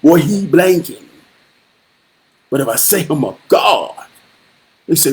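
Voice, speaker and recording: A man talking slowly into a live stream, his voice sitting noticeably high for a man. He preaches with blunt profanity and repeats phrases in a rhythmic, sermon-like way, now and then breaking into a shout. His drawn-out pacing gives it a lingering, heavy feel. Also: big pitch swings. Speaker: livestream host. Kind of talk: motivational live-stream monologue.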